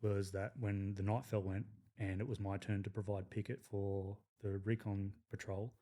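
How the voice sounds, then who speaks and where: An Australian man in his thirties, a podcast guest and army veteran, telling crude, lively stories in a casual way. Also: fairly low pitch, normal speed. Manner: crude, swearing, lively anecdotes with frequent "like". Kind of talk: casual storytelling.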